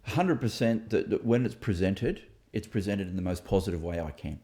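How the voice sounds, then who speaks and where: A man's voice: sits low, lively intonation, normal speed, mellow. A man hosting a casual discussion, reflective and thinking aloud with fillers and restarts. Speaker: author and host.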